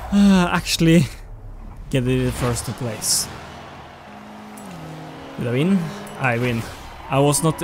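Halting man commenting on a race game. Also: fairly high pitch, expressive. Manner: rambling, halting, with frequent restarts and self-talk. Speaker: gaming channel host. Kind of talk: casual racing game commentary. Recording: game music playing over the voice.

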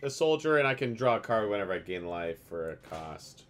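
A man hosting a game stream, chatting in a lively, exclamatory way. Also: fairly low pitch, fairly quick, heavy background noise. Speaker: streamer host. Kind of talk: casual chat while gaming.

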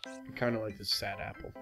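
A man casually playing a co-op video game with his brother, joking, swearing and shouting out moves. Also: lowish voice, moderate pace, creaky, over music. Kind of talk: casual gaming banter.

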